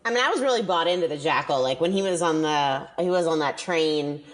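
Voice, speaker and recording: Animated woman with a low, lively voice. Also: brisk. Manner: animated, laughs often, acts out her reactions. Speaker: podcast co-host. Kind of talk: casual film review chat.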